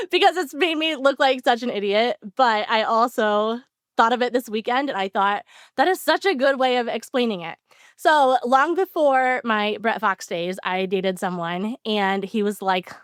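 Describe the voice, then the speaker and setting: Woman, podcast co-host, animated storytelling, lots of fillers, dry close recording. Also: mid-range voice, no echo. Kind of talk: casual podcast chat.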